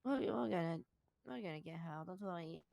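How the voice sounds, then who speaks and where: Low gravelly woman with a morning voice. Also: animated, a little mellow, slight background noise. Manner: halting, apologetic, full of restarts. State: rough morning voice. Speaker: streamer playing a doctor in roleplay. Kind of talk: in-character roleplay chat.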